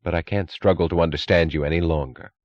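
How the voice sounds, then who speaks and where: A man with a deep voice reading the lines of a determined woman railroad executive who pleads with restrained, precise words, recorded with a dull, dry sound. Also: fairly even intonation, quick pace, a little mellow, no echo, close to an everyday voice. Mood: earnest.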